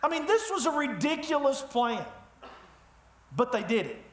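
A man preaching a sermon in a church, telling the story with lively humor. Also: extremely high pitch, moderate pace. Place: church sanctuary. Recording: echoey room.

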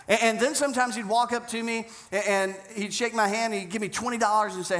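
A man's voice: high voice, steady tone, fast, a bit bright. A man pastor preaching a sermon, earnest and conversational, telling stories with frequent restarts.

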